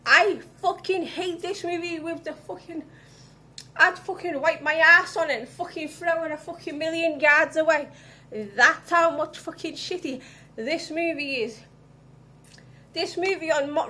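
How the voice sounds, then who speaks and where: A woman's voice: high-pitched, moderate pace, pushed and bright. A woman vlogging, ranting angrily with heavy swearing. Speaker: vlogger reviewing films. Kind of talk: casual ranting vlog.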